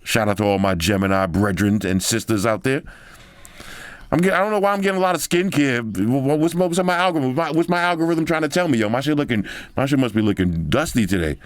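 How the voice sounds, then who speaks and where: In a mid-range, animated voice at a quick pace, a tech video host chats loosely while scrolling a phone, working through his thoughts aloud. He's slangy, throwing around "yo" and "bro," and the recording is dry.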